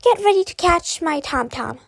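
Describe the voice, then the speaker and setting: A woman voicing a bold, doting mother who is also a schoolteacher, high and loud in a storybook reading. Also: animated, normal speed, no echo.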